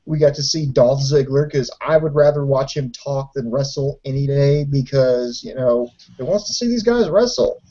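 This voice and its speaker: Mellow dry-voiced sarcastic man. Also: medium pitch, normal speed, few pauses. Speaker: co-host. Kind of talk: casual review chat. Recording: dull lo-fi audio.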